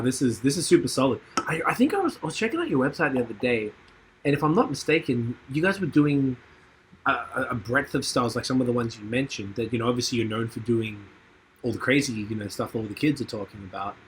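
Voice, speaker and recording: A man's voice: medium pitch, animated, quick pace. Chatty male host on a call, easygoing, a slight hiss behind. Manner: loose and chatty, swears casually, many fillers. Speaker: podcast host. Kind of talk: casual chat. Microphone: remote call with a mute button.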